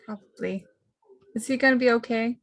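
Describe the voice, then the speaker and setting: A woman's voice: on the high side, moderate pace. A woman playing a tabletop game in character, giggly and hesitant. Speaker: player.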